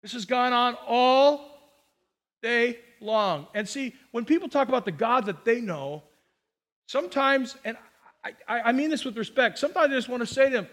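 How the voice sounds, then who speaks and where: A man's voice: extremely high pitch, normal speed, big-room sound. A man preaching a sermon as pastor, telling the story with jokes and acted-out quotes. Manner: animated storytelling, jokey asides and acted-out quotes.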